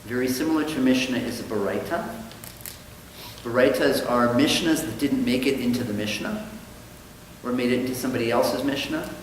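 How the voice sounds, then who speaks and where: A male rabbi gives a relaxed, explanatory lecture to a class, pausing with ums. He talks in a mid-pitched voice. The sound carries a strong, long reverb from a large hall with faint room noise. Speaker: rabbi teaching a study class. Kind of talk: lecture with storytelling. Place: synagogue hall.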